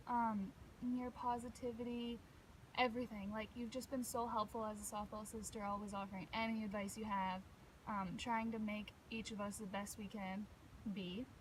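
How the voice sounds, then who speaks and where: Rambling young woman, slightly high voice. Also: a little hiss or hum, low-quality recording. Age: young adult. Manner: warm and rambling, many fillers. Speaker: college softball teammate. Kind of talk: recorded farewell message.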